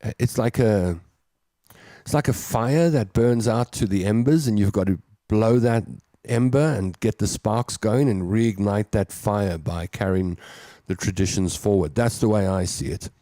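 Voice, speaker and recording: A man's voice: fairly low pitch, measured pace, warm tone, no room sound, clean studio sound. A man with a South African accent hosting a show, casually chatting and joking as he reads out viewer comments. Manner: chatty, jokey, reads comments aloud and riffs on them. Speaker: host.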